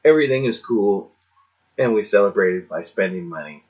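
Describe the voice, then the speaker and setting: A man's voice: on the low side, expressive, moderate pace, a little mellow, dull audio. A man co-hosting a casual podcast, telling a story in a laid-back, rambling way with blunt swearing. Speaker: podcast co-host. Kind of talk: casual chat.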